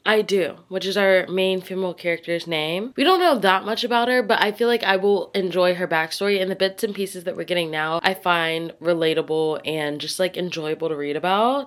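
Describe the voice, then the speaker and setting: A young woman talks to the camera from her bedroom in a loose, easygoing ramble. She fills her sentences with "like" and slips in quick laughs as she chats. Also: fairly low pitch, fairly even intonation. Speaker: vlogger. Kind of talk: casual chat to camera.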